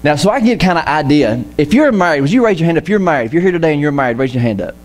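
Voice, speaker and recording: Lively, joking male pastor, slightly high voice. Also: very fast, faint music behind. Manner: lively, jokey, acts out quoted voices. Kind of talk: casual conversational sermon. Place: church auditorium.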